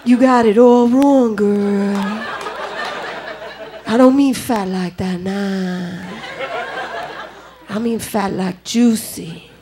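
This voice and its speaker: Lady putting on a deep slow oily lover-man voice, croony, noisy club crowd behind. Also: fairly even intonation. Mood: oily crooning. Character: smooth-talking man in slow-jams seduction voice. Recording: live club recording with audience noise.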